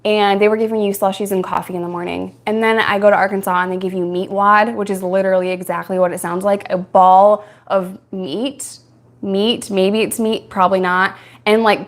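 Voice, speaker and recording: A woman's voice: mid-range voice, flat delivery, a little fast, hardly any pauses. A young adult woman from New York, hosting a casual live-stream Q&A and telling stories frankly, with frequent laughs. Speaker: live-stream host answering viewer questions.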